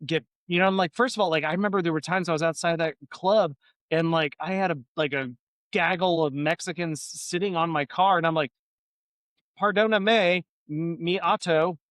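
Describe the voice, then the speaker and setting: A man's voice: fairly high pitch, steady tone, brisk, a bit bright, dry recording. A man co-hosting a podcast, telling long profane stories in a loose, rambling way. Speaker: podcast co-host. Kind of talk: casual podcast chat.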